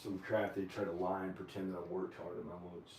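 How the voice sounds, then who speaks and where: A man at home in his kitchen, rambling in an agitated, meandering monologue with frequent pauses and fillers. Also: sits low, level tone, darkish tone, a little hiss or hum. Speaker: video maker. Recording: echoey room, camera far from the mouth.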